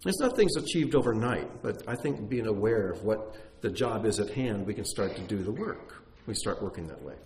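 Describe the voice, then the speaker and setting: Animated, low-voiced man preaching in echoey room. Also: normal speed, few pauses. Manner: animated, conversational, self-deprecating. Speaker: congregation teacher. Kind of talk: sermon. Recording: echoey room, faint noise.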